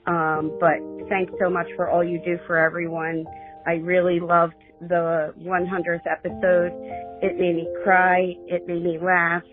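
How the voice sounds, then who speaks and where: A woman's voice: lowish voice, completely flat delivery, measured pace. A woman leaving a voicemail for a podcast host, grateful and a little hesitant. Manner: warm, grateful, hesitant with fillers. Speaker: voicemail caller. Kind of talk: phone voicemail message. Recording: tinny phone line with music behind.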